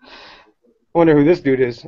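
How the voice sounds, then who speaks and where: A man's voice: a little high, a little slow, mellow, no echo. A man co-hosting a casual talk show, ranting in a blunt and heated way. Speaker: co-host. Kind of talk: casual opinionated chat. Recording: dull lo-fi sound.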